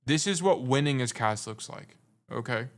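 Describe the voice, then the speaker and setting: A man's voice: mid-range voice, expressive, normal speed. A young adult man giving casual gameplay review commentary as a coach, blunt and teasing, repeating his points for emphasis. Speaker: game coach.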